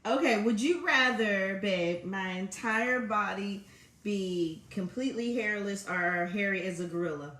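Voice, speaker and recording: A woman's voice: medium pitch, measured pace, fairly bright tone, reverberant. A woman co-hosting a casual chat with viewers, playful and laughing often as she talks about her husband. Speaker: co-host.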